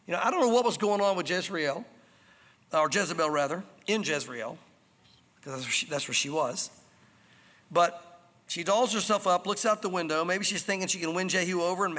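A male pastor preaching a sermon, telling the story in an animated way and acting out scenes. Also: high-pitched, moderate pace, pauses often. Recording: reverberant hall.

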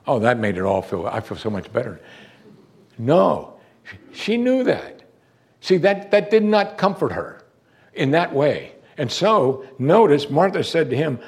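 Lively, animated male preacher. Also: moderate pace. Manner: expressive, acts out quoted lines with big pitch swings. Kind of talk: sermon.

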